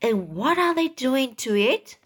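An eager, excitable ladybug from a storybook, read by a woman. She speaks quickly and brightly, a touch higher than the narration. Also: husky, exaggerated voice. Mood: excited.

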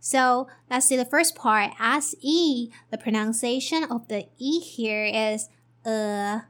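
Woman teaching english sounds, says every word twice, slow and careful. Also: on the high side, fairly bright tone. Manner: spells letters and repeats each word twice.

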